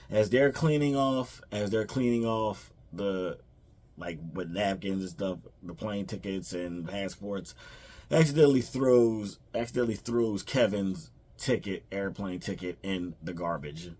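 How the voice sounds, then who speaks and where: Retelling a movie's plot in a loose, rambling review, the male reviewer stumbles through fillers and restarts while quoting characters. His voice is low-pitched, a little slow and a little mellow.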